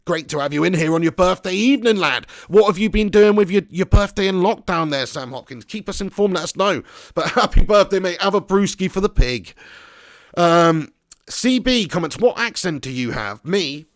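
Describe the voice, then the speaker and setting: A man with a Southern English accent streaming a football game, chatting and joking with his viewers. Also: sits high. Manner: chatty, jokey banter with viewers. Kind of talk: live stream commentary and chat shout-outs.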